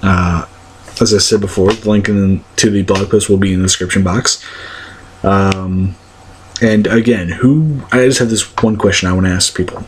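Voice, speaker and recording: A man's voice: sits low, fairly even intonation, moderate pace, slight background noise. A young man ranting casually to his viewers, blunt and profane, rambling with many fillers. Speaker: vlogger. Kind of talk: casual rant to camera.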